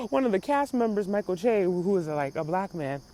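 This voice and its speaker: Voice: mid-range voice, moderate pace, a little hiss or hum. A podcast host retelling events in a casual, slangy way, laughing often and acting out quotes. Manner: laughing, slangy, animated storytelling. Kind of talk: casual commentary on a clip.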